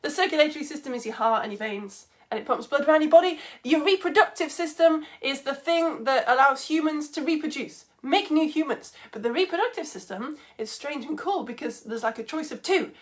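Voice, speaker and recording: A woman's voice: high voice, expressive, fairly quick, few pauses. A young woman teaching science in a live online lesson for children, chatty and bubbly, greeting viewers by name.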